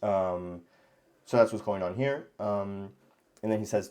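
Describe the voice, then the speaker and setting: A man teaching grammar in a casual lesson, thinking aloud with many pauses and restarts. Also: fairly low pitch, a little mellow, clear, resonant tone. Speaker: language teacher.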